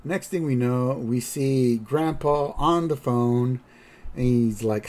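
A man's voice: medium pitch, slow pace, a little mellow. Rambling man recapping a cartoon. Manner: rambling, filler-heavy. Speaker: podcast host. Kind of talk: casual episode recap.

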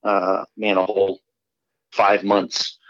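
A man from Iowa, a pastor, talking casually in a podcast interview with a relaxed, rambling manner and many fillers. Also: sits low, takes it slowly, no echo. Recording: dull, lo-fi remote audio.

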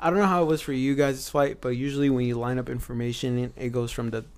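A man's voice: mid-range voice, fast talker. A young man and podcast guest telling a story in casual chat, acting out the people in it. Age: young adult. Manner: animated, acts out the people in his stories.

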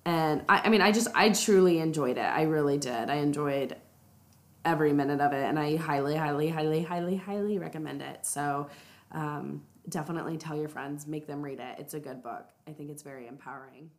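A woman's voice: deep voice, brisk. A woman co-hosting a podcast, chatting casually about a book and retelling its plot at length. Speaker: podcast co-host. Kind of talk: casual book-club chat. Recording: echoey room.

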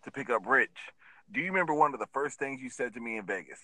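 A man in a casual group chat, lively and teasing. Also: mid-range voice, fast talker, no room sound.

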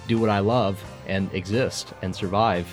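A young college student from Oklahoma with a Southern accent, chatting casually as a guest and laughing often. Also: male voice, lowish voice, normal speed, faint music behind. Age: young adult. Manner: laughs often, lively and eager. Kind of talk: casual chat.

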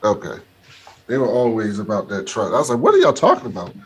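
A man's voice: lowish voice, wildly swooping pitch, fast, a crowd in the background. A man from Baltimore co-hosting a podcast, chatting casually, laughing often and swearing freely. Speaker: podcast co-host. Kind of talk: casual chat.

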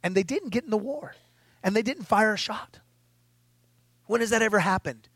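A middle-aged male pastor with a notably high voice delivers a sermon in an emphatic, conversational way, throwing rhetorical questions at the congregation. At times he grows tearful and choked. The sound is dry and close, with no room around it. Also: lively intonation, moderate pace, fairly bright tone, breathy edge, dry recording.

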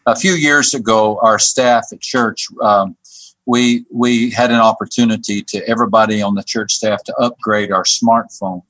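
Halting man telling a story, dry sound. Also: on the low side, fairly even intonation, fairly bright tone, no echo. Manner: halting, repeats words and restarts. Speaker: church staff member and guest. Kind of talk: telling a personal story on a podcast.

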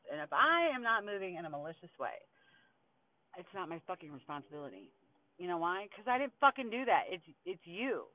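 A woman's voice: lowish voice, lively intonation, moderate pace, dry recording. A woman vents in a raw podcast monologue, swearing hard and ranting with heat. The sound is thin and phone-like, as if recorded over a tinny line. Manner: angry, heavy swearing, ranting. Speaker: podcast host. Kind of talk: venting monologue.

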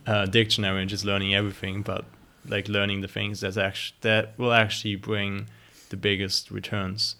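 A man with a German accent and a lowish voice hosts a relaxed podcast conversation. He talks haltingly, with lots of fillers and restarts as he works out his questions. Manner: hesitant, many fillers and restarts.

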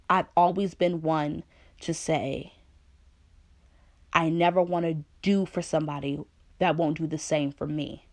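A woman giving a personal devotional talk, candid and conversational, with playful asides and slow, deliberate scripture reading. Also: low voice. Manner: reads scripture slowly and deliberately. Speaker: speaker sharing a faith testimony.

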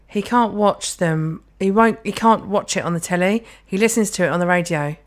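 A woman's voice: mid-range voice, moderate pace. A woman, co-hosting a casual podcast chat, ranting with jokes and swearing. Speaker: podcast co-host.

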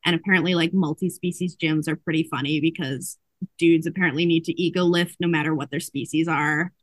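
A woman hosting a casual podcast chat, recapping a book in animated storytelling and acting out the characters' lines. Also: sits low, fairly quick, no room sound.

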